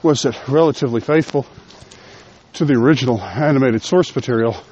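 A man's voice: medium pitch, brisk, darkish tone. Man, podcast host, chatty, rambling, a bit out of breath, outdoors, dull lo-fi phone sound, faint noise. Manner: chatty, rambling, self-deprecating. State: slightly out of breath from walking. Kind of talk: casual solo podcast monologue. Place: outdoors while walking.

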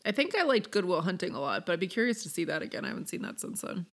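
A woman's voice: fairly low pitch, very animated, racing. A woman co-hosting a podcast in casual chat, laughing often and agreeing readily. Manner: giggly, agreeable. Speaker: podcast co-host.

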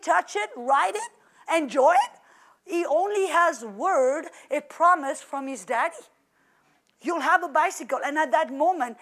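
A woman preacher delivering a lively sermon in a very high voice. She talks in animated bursts, full of exclamations and repeated fillers.

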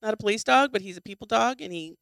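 Middle-aged woman, chatty co-host, smooth bright tone, close dry mic. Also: mid-range voice, fast talker, no echo. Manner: chatty, swears freely, many ums. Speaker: podcast co-host. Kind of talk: casual chat.

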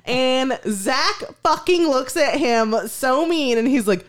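A young woman co-hosting a podcast in casual chat, animated, swearing and laughing often. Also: sits high, slow. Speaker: podcast co-host.

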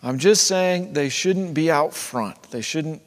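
A male pastor delivering a sermon in a conversational, animated way, acting out the people he quotes. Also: a little high, takes it slowly. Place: church sanctuary. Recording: long reverb of a church hall.

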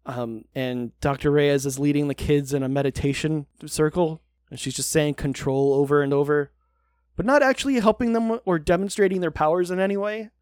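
Podcast co-host, man, sarcastic and swears a lot, higher pitch, dry close sound. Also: fairly even intonation, a little fast, a little mellow, dry recording. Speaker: podcast co-host recapping a TV show. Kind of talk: casual chat.

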